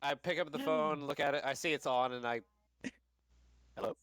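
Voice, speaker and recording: A player in a tabletop game, talking in a lively, sarcastic way. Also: mid-range voice, normal speed, smooth, no echo, clean studio sound. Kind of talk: casual tabletop play.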